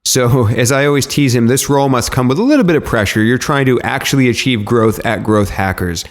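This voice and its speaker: A man's voice: medium pitch, fairly quick. A man hosting a podcast, introducing the episode in a chatty, loose way with some fillers. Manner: chatty, self-correcting, with filler ums. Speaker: podcast host.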